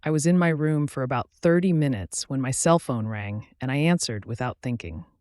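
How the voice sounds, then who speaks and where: A man's voice: medium pitch, normal speed, hardly any pauses, a little mellow, no echo, clean studio sound. A man reading a first-person relationship story aloud in a plain storytelling manner. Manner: plain storytelling with mild censored swearing. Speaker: narrator.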